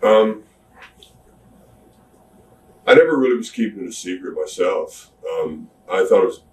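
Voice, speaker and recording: Deep-voiced man telling wrestling stories. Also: measured pace, slight background noise. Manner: drawling, animated retelling with acted-out quotes. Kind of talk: shoot interview, candid storytelling. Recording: roomy, distant mic with faint ambience.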